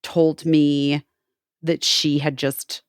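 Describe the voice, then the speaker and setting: A woman's voice: low-pitched, level tone, drawn-out words, clean tone, no echo, clean studio sound. A woman in her forties co-hosting a podcast, chatting casually and animatedly with frequent swearing and quoted voices. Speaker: podcast co-host. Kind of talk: casual chat.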